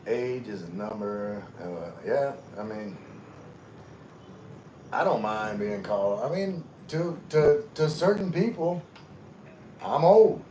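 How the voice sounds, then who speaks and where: A middle-aged Louisiana man with a Southern accent hosts a casual livestream, reading comments and greeting viewers by name in a laid-back drawl. His voice sits on the low side and is expressive, with a slow pace and long pauses. The background is noisy.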